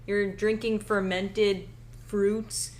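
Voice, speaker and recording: A woman's voice: mid-range voice, level tone, extremely slow, darkish tone. A woman co-hosts a podcast and talks in a plain, conversational way. Her voice sits in an ordinary middle range. A faint noise stays underneath. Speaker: podcast co-host. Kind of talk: casual podcast chat.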